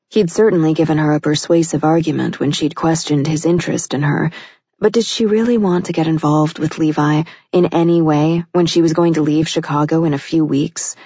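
A woman narrating a romance audiobook in an even, steady storytelling manner. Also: sits low, breathy edge, dry recording. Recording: dull, lo-fi dry recording.

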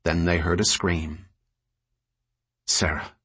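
A man narrating an audiobook in a measured, grave storytelling manner. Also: low voice, level tone, a bit bright, slightly rough.

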